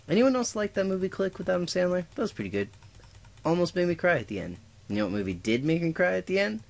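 A man's voice: high voice, very animated, fast, creaky, slight background noise. A man giving casual gameplay commentary as a let's player, goofy and talking to himself with little sound effects. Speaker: let's play gamer.

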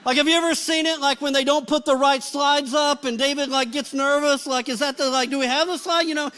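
High-voiced pastor telling a comic story. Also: male voice. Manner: animated, comic retelling with acted-out quotes. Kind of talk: storytelling sermon.

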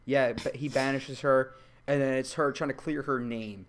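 A man as a podcast guest in casual chat, animated, swearing freely and acting out scenes. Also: mid-range voice, normal speed.

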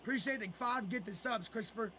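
A man chats on his game stream in a very high, bright voice. He rants profanely at viewers and circles back over the same words again and again. It sounds like loose, off-the-cuff live talk. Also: brisk, a little hiss or hum. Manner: profane, ranting, repeats himself. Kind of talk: casual live-stream chat.

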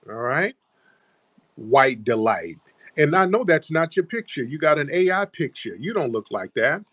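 A man's voice: a little high, fairly bright tone, slightly rough, no echo, studio quality. A man hosting a live stream, mocking and taunting a caller in a heated argument and repeatedly calling her "ma'am". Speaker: livestream host.

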